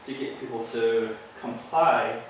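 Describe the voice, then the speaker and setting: A man's voice: mid-range voice, slow, background noise. A man who is a police officer giving a training talk to an audience, earnest and explanatory, walking listeners through stories from his calls. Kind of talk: presentation to an audience. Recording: echoey hall, mic from far off.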